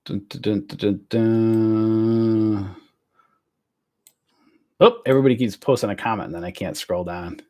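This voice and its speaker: A man rambles through a casual livestream from his home, chatty and joking. He keeps asking his viewers rhetorical questions. His voice sits at an ordinary middle pitch. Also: darkish tone. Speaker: livestream host. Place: home, in self-quarantine.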